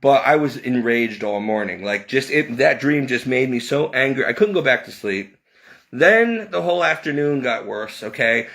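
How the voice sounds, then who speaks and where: A man telling a personal story in a rambling way, with restarts and repeated words, his pitch climbing when he relives his anger. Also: animated, moderate pace, vocal fry, a bit bright. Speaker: video creator.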